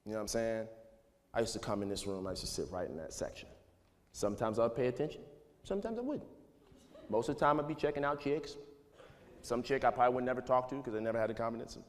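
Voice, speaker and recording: A man's voice: medium pitch, lively intonation, fast, pauses often. A man in his thirties gives a casual motivational talk to students in a school auditorium, rambling loosely and filling his speech with "like" and "you know". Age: 30s. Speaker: speaker addressing students. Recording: echoey hall with faint noise.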